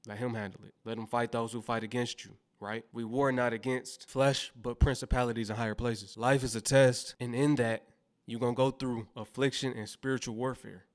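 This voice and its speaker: Male reaction host, preachy and motivational, mid-pitched, faith-minded. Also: steady tone, moderate pace. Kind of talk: reaction commentary.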